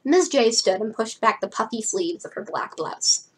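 A young woman reading a novel aloud and breaking off for wry, chatty asides, raising her pitch to voice the characters. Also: lively intonation, husky, low-quality recording. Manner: chatty, wry, quick to laugh at the book; drops to a hushed voice now and then. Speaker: book reader and commentator.

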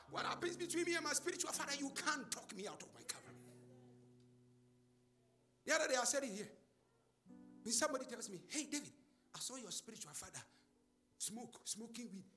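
A man preaching a sermon in call-and-response style, shouting and chanting phrases to the congregation. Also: very high voice, big pitch swings, fairly quick, long pauses, soft background music.

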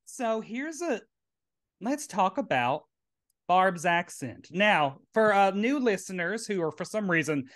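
A man's voice: sits high, big pitch swings, measured pace, fairly bright tone. A man from Tennessee with a Southern accent, hosting a casual podcast chat in his drag queen persona, playful and chatty. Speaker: podcast host.

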